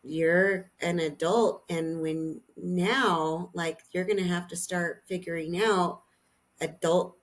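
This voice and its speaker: A woman in her forties co-hosting a casual podcast. She talks in a relaxed, teasing way. Her voice sits fairly low. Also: slow. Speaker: podcast co-host. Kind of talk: casual chat.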